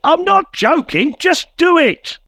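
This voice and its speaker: A man's voice: medium pitch, wildly swooping pitch, normal speed, fairly bright tone, slight background noise. A man playing an impatient police chief in a radio sitcom, giving curt, exasperated orders over a remote call. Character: gruff middle-aged male police chief, impatient. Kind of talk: comedy radio sitcom acting. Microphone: remote call recording.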